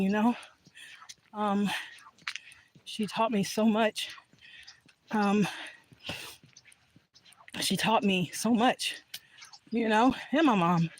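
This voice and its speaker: A woman's voice: medium pitch, slight background noise, rough recording. Emotional woman vlogging outdoors. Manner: emotional, laughing often, trailing into soft whispers. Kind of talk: emotional casual storytelling. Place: outdoors, walking back from voting.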